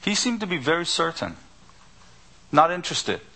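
Male pastor preaching, firing off rhetorical questions; gravelly edge on a bright voice. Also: fairly high pitch, sing-song, normal speed. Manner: rhetorical repeated questions, emphatic. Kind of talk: sermon.

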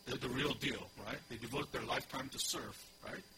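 A man's voice: medium pitch, a little fast, noisy background. A pastor preaching to a congregation, explaining scripture verse by verse, repeating key phrases for emphasis and putting questions to his listeners. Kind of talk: expository sermon teaching.

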